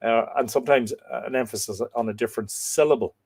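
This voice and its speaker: A middle-aged Irish man hosting a live stream, reading out viewer comments in a hesitant, thinking-aloud way with many pauses and fillers. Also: medium pitch, creaky, darkish tone, husky. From Ireland. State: dry throat, coughing. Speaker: host of a live myth reading show.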